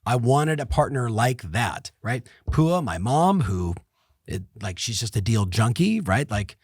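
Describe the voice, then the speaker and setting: A middle-aged man hosting a podcast, giving an energetic motivational business talk that repeats points and speaks straight to listeners. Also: medium pitch, unhurried, breathy edge, no room sound, studio quality. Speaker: podcast host and business coach.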